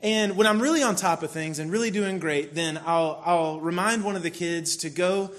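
A man with a high voice gives a sermon in an easygoing, chatty way. He tells a family story and now and then bursts into playful frustration. His voice stays high even when he drops low. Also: normal speed. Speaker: pastor.

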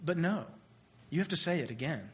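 A young man talks through a comic monologue in a lively, animated way. His voice sits high for a man, and he slips in and out of the characters he describes. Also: a little fast. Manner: animated, acts out quoted voices. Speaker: speaker. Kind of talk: comedic monologue.

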